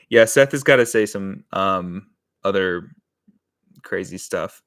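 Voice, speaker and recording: Low-voiced man chatting on a live stream. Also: slow, fairly bright tone. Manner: thinks aloud, rambling, answers chat, chuckles often. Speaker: comedy sketch writer streaming live. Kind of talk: casual live-stream chat while writing.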